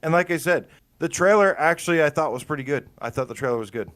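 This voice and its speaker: A man's voice: on the high side, fast talker, a bit bright, no echo. A man co-hosting a casual gaming podcast, telling stories with lots of fillers and rambling enthusiasm. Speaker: podcast co-host.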